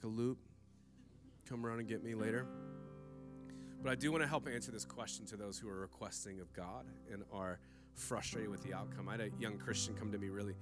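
A low-voiced man preaches from the pulpit, rising to forceful emphasis and then dropping to near-whispered asides. Soft guitar from the band plays faintly under his words. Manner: preaching with big swings from loud to hushed. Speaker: pastor. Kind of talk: sermon.

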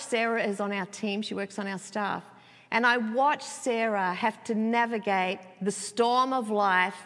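A woman pastor preaching a sermon, telling a story with expressive delivery and many rhetorical questions. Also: medium pitch, long reverb tail.

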